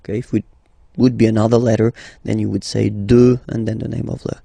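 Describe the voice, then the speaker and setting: A man's voice: lowish voice, flat delivery, gravelly, dark tone, husky, dry recording. A man teaching a language lesson, patient and repetitive, checking in with "okay?" after each point. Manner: patient, repeats words slowly and checks with "okay?". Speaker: French teacher.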